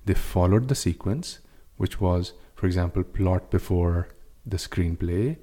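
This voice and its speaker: Low mellow-voiced man telling a story. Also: a little slow. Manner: storytelling, with "uh" fillers and restarts. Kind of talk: casual discussion.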